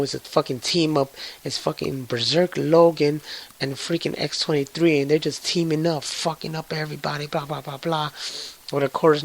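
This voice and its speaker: A man casually recapping a film's plot with heavy swearing and excitable storytelling. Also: fairly high pitch, vocal fry, poor audio. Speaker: movie reviewer.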